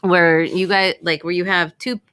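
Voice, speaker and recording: A woman's voice: lowish voice, flat delivery, a little slow, a bit bright, clear, resonant tone. A woman co-hosting a casual radio talk show, chatting loosely with frequent "like" and "you know". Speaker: radio co-host.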